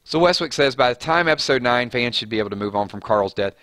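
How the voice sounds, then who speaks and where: A man's voice: medium pitch, quick pace, no room sound, studio quality. A man hosting a casual live stream, chatting loosely and reading out viewer comments, his voice jumping up on names and questions. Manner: animated, voice jumps up on names and questions.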